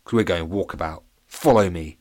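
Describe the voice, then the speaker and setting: A man's voice: sits low, moderate pace, a little mellow, voice pushed down, lightly acted. A man voicing a grumpy two-inch-tall pirate in a storybook. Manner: grumpy, gruff.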